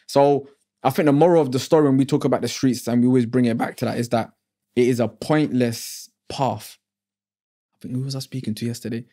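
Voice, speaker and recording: A man's voice: mid-range voice, fairly even intonation, brisk, mellow. A man hosting a casual interview, talking in a reflective, preachy way with street slang. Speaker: podcast host.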